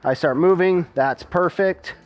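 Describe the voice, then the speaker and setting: A man teaching dog heel work, explaining calmly while he walks a dog. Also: high voice, measured pace, soft background music. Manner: calm, explanatory, talks while walking a dog. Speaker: dog trainer. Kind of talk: instructional demonstration.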